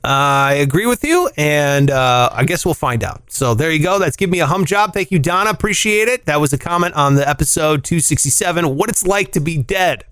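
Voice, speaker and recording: A man co-hosts a casual podcast, reading listener comments aloud. His voice sits slightly high, and the sound is dry and close with no room. He is animated and jokey, swearing freely and jumping up in pitch when he argues a point. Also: a little fast, few pauses, clean tone, no room sound. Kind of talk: casual chat.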